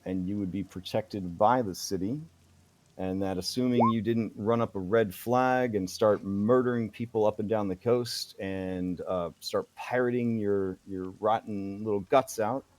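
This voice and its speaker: Brief: man doing a measured town official, low and formal, dry sound, tabletop game. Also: darkish tone, no echo. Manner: formal, hesitant with fillers.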